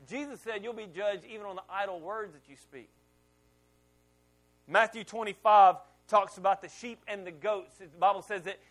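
A middle-aged pastor with a fairly high voice preaches to his church congregation. He talks like he is telling a story to friends, then gets loud and pushes hard on his key points. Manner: conversational storytelling preacher, rising loud on emphasis. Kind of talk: sermon.

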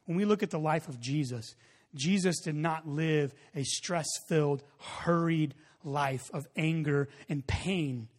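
A man in his thirties preaching a sermon, telling a story with animated acted-out reactions. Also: fairly high pitch, unhurried. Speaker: pastor. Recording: long hall reverb.

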